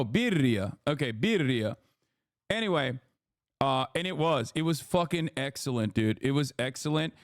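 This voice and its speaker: A man's voice: mid-range voice, dry recording, studio quality. Profane, rambling man on stream. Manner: rambling, profane, animated storytelling. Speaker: livestream host. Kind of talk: casual chat.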